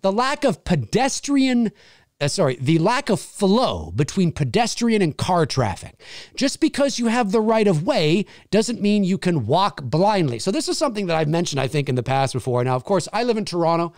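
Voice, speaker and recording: A man hosting his own show, ranting casually, swearing freely and acting out quick voices. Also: sits high, sing-song, darkish tone, no room sound, clean studio sound. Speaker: show host. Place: lives in a big city.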